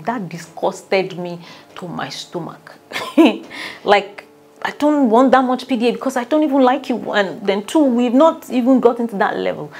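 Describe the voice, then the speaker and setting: Lively Nigerian woman telling her story. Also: fairly low pitch, breathy edge. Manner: animated, laughs often, acts out quotes. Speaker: relationship coach. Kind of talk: personal storytelling.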